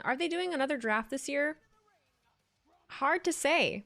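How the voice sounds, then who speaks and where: A woman's voice: high-pitched, expressive, moderate pace, bright, forceful tone. A tired woman streamer chatting casually with her viewers, swearing freely as she watches. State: tired, yawning. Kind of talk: casual live-stream chat.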